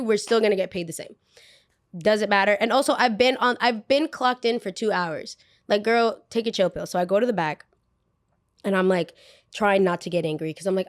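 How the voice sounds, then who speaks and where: Young woman podcast host, casual and animated storyteller, dry close mic. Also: normal speed, dry recording. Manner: animated, acts out quotes with pitch swings.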